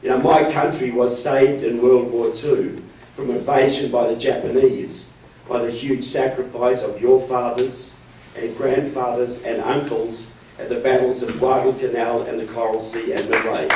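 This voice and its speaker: A man's voice: medium pitch, level tone, normal speed, darkish tone, a little hiss or hum. New Zealand man rallying a meeting room. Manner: joking, rallying, often says "folks". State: has a cold. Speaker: guest speaker. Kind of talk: political speech to a meeting. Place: county board meeting room. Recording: echoey room, mic from far.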